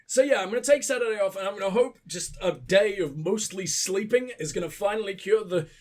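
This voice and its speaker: Brisk and high-pitched with a darkish tone, a young man hosting a let's play sniffles his way through gameplay commentary, sick but still cursing, joking, and rambling.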